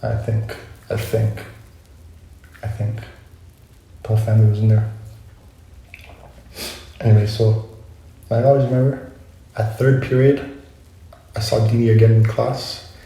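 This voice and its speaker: Low-voiced man in a very echoey room. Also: level tone, measured pace, creaky, pauses often, warm tone. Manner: rambling, self-correcting, reflective. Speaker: vlogger. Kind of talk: casual storytelling monologue. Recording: very echoey room, faint noise.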